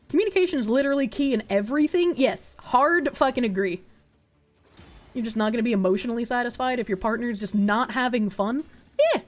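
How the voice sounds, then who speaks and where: Animated, profane woman streamer. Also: high voice. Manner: blunt and profane, laughs often. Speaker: live streamer. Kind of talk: casual live-stream chat, reading chat aloud.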